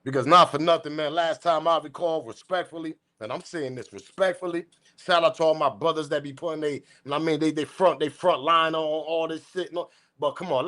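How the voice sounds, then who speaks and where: A man hosting a news commentary channel, ranting in a profane, slangy, repetitive way, swinging from muttering to shouting. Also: fairly high pitch. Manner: profane, repetitive, slangy, keeps saying respectfully. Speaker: host.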